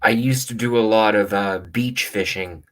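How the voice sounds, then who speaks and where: A man's voice: on the low side, normal speed, a bit bright. A man vlogging, telling a rambling story in a blunt, casual way with lots of fillers. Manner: rambling, blunt, swears often, many fillers. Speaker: vlogger reacting to videos.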